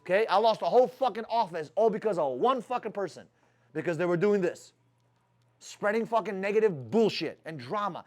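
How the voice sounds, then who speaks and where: A man's voice: sits high, expressive, brisk. A man leading his sales team in a motivational talk, blunt and profane, firing rhetorical questions at the room.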